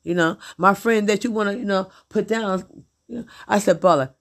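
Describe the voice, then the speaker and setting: A woman's voice: medium pitch, steady tone, normal speed. A middle-aged woman venting in a blunt, profane, repetitive monologue about her husband. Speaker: vlogger.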